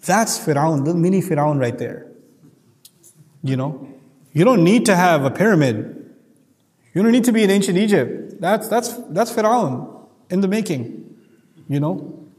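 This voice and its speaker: A man with a notably high voice gives an earnest Quran commentary, leaning hard on key phrases and repeating them. His words ring out with a long reverb, as if spoken in a large hall. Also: expressive, a little slow, pauses often, darkish tone. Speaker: Quran teacher.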